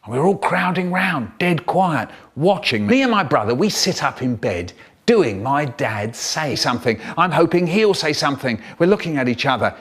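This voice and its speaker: A man's voice: a little high, sing-song, normal speed, a bit bright, breathy edge. A man telling comic stories in spliced bits, jumping between the voices of family members. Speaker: storyteller.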